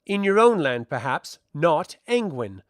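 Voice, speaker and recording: A proud young princess with a cutting, commanding tone, as a man reads her part. Her voice rides high and leaps around with lively swings. The sound is dry and close. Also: measured pace, dry recording. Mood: cool.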